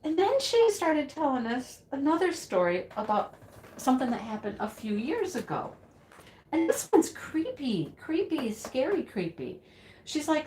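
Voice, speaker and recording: A woman telling a story in an animated, exclaiming way. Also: high voice, unhurried, slight background noise. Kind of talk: storytelling chat. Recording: roomy echo.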